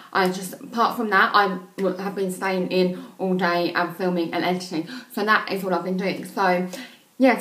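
A young woman, rambling casually to camera as a beauty vlogger, full of "like" fillers, at home in her bedroom. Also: mid-range voice.

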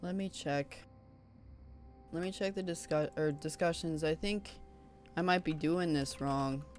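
A woman's voice: deep voice, unhurried, soft background music. A young woman streaming a video game, talking casually and swearing at it when frustrated. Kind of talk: casual gameplay commentary.

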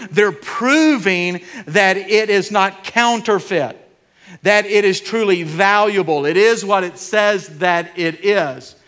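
A man's voice: high voice, a bit bright. A male pastor preaching a sermon in a church, emphatic and rising on key phrases. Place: church sanctuary.

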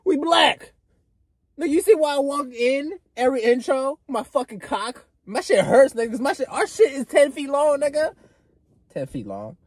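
A young man vlogging an unscripted, profane rant to camera, swinging between loud outbursts and low mutters. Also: sing-song, moderate pace, no room sound.

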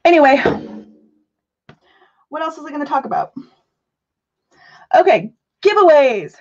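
A woman's voice: high-pitched, very animated, measured pace. A woman hosting a live crafting talk show, chatting casually and goofing around with her viewers. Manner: chatty, goofy, rambling, jokes with chat. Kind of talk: casual live-stream chat. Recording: dull lo-fi stream audio.

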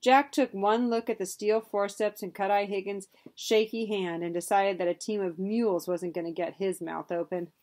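A woman narrating a children's adventure novel in a steady, expressive reading style. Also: medium pitch, normal speed, hardly any pauses. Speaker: audiobook narrator. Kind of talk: storybook narration.

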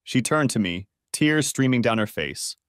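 A man's voice: mid-range voice, lively intonation, moderate pace, smooth, no echo. A man narrating a first-person story in a scripted audiobook reading on a close mic.

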